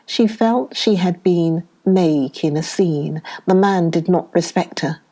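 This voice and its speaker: A woman from the United Kingdom reading a novel aloud as an audiobook narrator, in a slow, measured way, voicing the dialogue. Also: on the low side, warm tone. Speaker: audiobook reader. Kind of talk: scripted narration.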